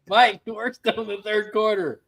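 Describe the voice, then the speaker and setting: High-voiced wry sports stream man. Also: a bit bright. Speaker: podcast co-host. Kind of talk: casual sports live stream banter.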